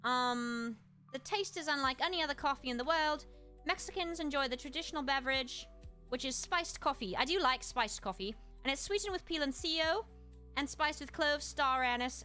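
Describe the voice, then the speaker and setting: A woman streamer in casual chat, reading aloud and musing with quick asides to her chat. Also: high-pitched, bright, forceful tone. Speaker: streamer host.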